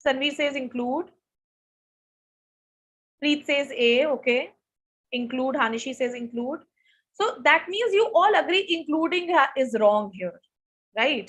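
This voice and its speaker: Brief: high-pitched young woman, online SAT grammar teacher who quizzes her class. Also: a bit bright. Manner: asks students questions, reads answers from chat. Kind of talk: live online grammar lesson.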